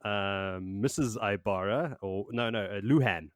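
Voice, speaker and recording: A man's voice: on the low side, measured pace, no room sound, clean studio sound. A man hosting a podcast, chatting casually and rambling as he recaps a book, laughing and swearing now and then. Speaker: podcast host.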